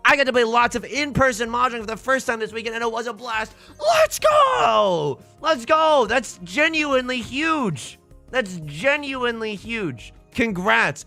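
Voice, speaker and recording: Young man, livestream gamer, casual chat, gravelly, lively pitch, faint music behind. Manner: animated, jokey, reads chat aloud. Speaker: streamer playing online mahjong.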